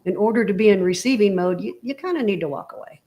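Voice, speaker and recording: Speaking fast in a warm, mid-range voice, a woman guest on an interview show lays out her ideas through everyday analogies. The talk is casual and motivational, peppered with "you know" as she checks in with the listener.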